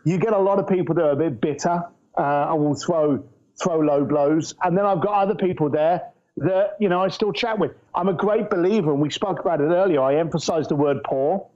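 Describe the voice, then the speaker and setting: Middle-aged guy from england telling stories in an interview, bit high, muffled audio. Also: brisk. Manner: animated anecdotal storyteller. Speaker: guest entrepreneur. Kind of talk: casual storytelling interview.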